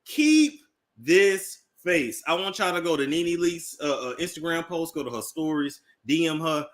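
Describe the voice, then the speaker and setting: A man with a Midwestern accent hosting a gossip livestream, talking straight to his chat in an animated, exclaiming way. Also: on the high side, a little slow. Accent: Midwestern American. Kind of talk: casual commentary.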